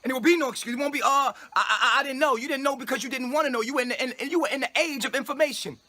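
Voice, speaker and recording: A man delivers a livestream sermon to his own followers, proclaiming himself their leader. His voice sits high and bright with a husky edge. He scolds in repeated, commanding phrases. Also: very fast. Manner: repetitive, scolding tone at listeners. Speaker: self-styled spiritual leader addressing followers. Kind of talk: livestream preaching monologue.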